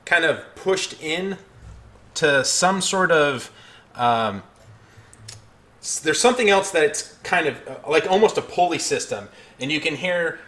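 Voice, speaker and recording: Man, dungeon master voice, animated and fairly high, talks in loose rambling bursts. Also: measured pace. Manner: rambling, restarts a lot, lively narration. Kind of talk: narrating a tabletop game.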